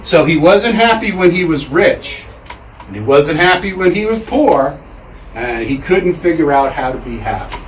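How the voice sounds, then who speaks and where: A man's voice: on the high side, expressive, normal speed, a little hiss or hum. A man giving a casual lecture to a room of listeners, chatty and full of fillers, getting the audience to repeat words aloud. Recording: echoey room, mic far off.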